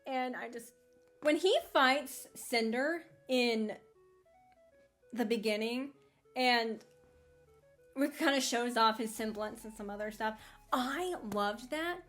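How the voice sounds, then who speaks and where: A woman hosting a casual anime fan commentary, rambling in an animated way with frequent laughs and restarts. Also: fairly high pitch, slow pace, long pauses, soft background music.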